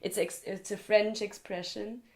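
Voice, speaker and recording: A woman's voice: mid-range voice, flat delivery, measured pace, a little mellow. A woman chatting in an interview, speaking English as a with hesitant fillers and easy laughter. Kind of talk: casual interview chat.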